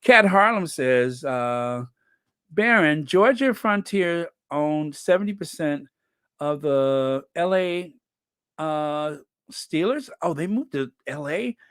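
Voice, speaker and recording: Slow chatty guy on a livestream reading comments out loud, kinda high voice, dry close mic. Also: expressive, clean tone, dry recording. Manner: slow and chatty, reads comments aloud with frequent "let me see" and chuckles. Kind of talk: casual live-chat commentary.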